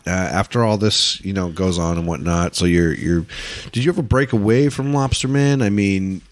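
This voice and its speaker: A man hosting a podcast, asking casual questions with halting restarts. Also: deep voice. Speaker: podcast host. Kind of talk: casual interview.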